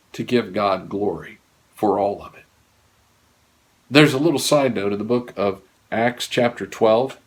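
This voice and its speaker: A male pastor preaching a sermon, earnestly, with wide swings from raised emphasis to hushed low lines. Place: church.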